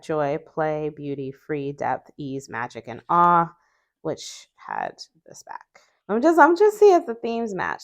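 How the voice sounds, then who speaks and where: A woman chatting casually as she reviews an oracle deck, reading card words aloud and musing about them. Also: low-pitched. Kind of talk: casual unboxing chat.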